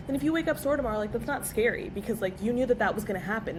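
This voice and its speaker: A woman physical therapist chatting as a podcast guest, speaking in quick run-on sentences full of "like". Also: fairly high pitch, animated, a crowd in the background. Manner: fast, filler-heavy, frequent "like". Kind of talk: casual podcast chat. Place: podcast studio. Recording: background noise.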